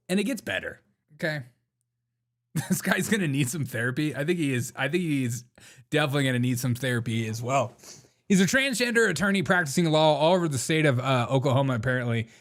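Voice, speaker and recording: A man's voice: mid-range voice, lively intonation, fairly quick. A man hosting a show, chatting casually and mockingly as he reacts to video clips, laughing often. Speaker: show host.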